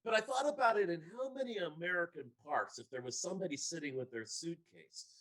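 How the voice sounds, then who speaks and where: A man's voice: on the high side, animated, a little fast, fairly bright tone, rough recording. A man telling a casual anecdote in a church discussion, chatty and laughing now and then.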